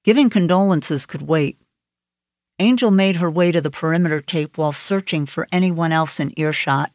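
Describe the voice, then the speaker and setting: A woman narrating a crime thriller audiobook in an even, steady storytelling manner. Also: fairly low pitch, normal speed, dry recording. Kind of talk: scripted narration.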